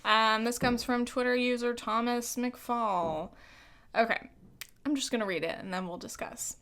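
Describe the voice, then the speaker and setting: A young adult woman hosting a solo podcast, talking earnestly in a halting way with sighs and restarts. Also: a little high, steady tone, fairly bright tone. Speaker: podcast host.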